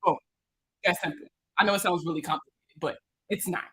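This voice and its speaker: On a laid-back livestream, a credit repair consultant from Baltimore jokes with viewers and answers their questions in animated slang. Her lowish, slightly rough voice runs a little fast, and the audio is poor.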